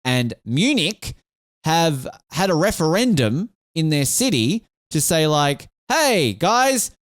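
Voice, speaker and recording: A man co-hosting a podcast in casual, animated chat, joking often. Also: a little high, slow, no echo, clean studio sound. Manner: animated, jokey, slips into silly quoted voices. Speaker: podcast co-host.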